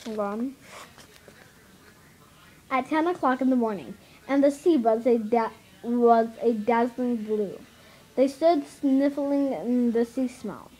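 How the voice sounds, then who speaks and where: Woman reading a kids' book out loud, high voice, keeps tripping and restarting. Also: slightly rough, poor audio. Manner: halting, with many stumbles and restarts. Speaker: reader. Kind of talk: reading a children's novel aloud.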